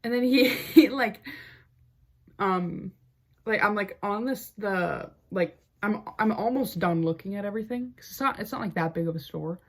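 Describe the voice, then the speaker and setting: A woman's voice: mid-range voice, moderate pace. A young woman hosting her own podcast, telling a story in a casual, chatty way, full of "like" fillers and wry asides. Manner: chatty, heavy use of "like" fillers. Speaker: podcast host.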